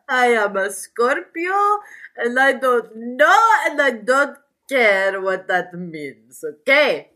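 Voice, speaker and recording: A woman's voice: fairly high pitch, very animated, slow pace, bright, forceful tone. A woman guest on a chat podcast, telling stories and often breaking into giggles. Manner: giggly, laughs through her stories. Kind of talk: casual chat.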